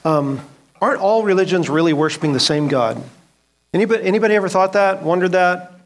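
Teaching a church Bible class, a man earnestly asks the group questions and quotes scripture. His high-pitched voice is expressive and moves at a quick pace.

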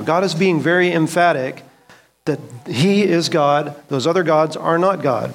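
A man leads a church Bible class, posing questions to the room and earnestly quoting scripture. His voice is a little high and creaky, and he speaks a little slowly.

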